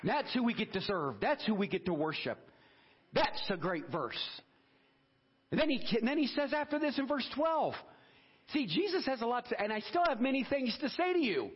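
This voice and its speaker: Husky pastor guy preaching all fired up, high voice that jumps around, kinda muffled recording. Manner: fervent, animated preaching with exclamations. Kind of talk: sermon.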